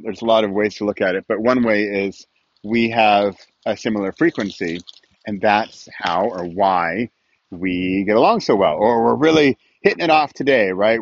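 A man hosts his own weekly video podcast, filming himself outdoors with a morning view while chatting casually and rambling a little. His voice is mid-range, and the audio is dull with no echo.

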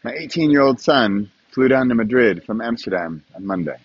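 A man's voice: mid-range voice, lively intonation, normal speed, slightly rough, dry recording, dull audio. A middle-aged man hosting his own podcast in a casual solo monologue, chatty and often asking the listener questions. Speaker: podcast host.

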